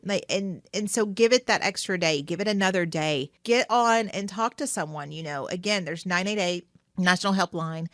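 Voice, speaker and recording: A woman's voice: lowish voice, normal speed, fairly bright tone, dry recording, clean studio sound. A woman co-hosting a podcast, talking in a casual, earnest way and often saying "you know" and "like". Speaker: podcast co-host. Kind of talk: casual mental health chat.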